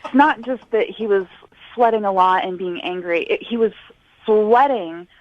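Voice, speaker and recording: A woman's voice: mid-range voice, moderate pace, no echo. Hesitant woman on a dull phone line. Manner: hesitant, polite, laughing nervously. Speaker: caller on the phone. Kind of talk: phone conversation.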